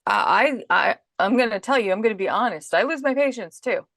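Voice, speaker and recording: A woman parenting coach in a podcast interview, explaining calmly and acting out her own inner self-talk as examples. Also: fairly high pitch, a little fast, no room sound, clean studio sound.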